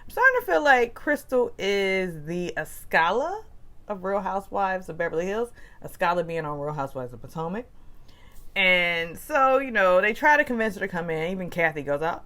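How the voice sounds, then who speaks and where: A woman's voice: on the low side, big pitch swings, moderate pace, fairly bright tone. A woman hosting a casual reality TV recap with a chatty, gossipy manner. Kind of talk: casual commentary.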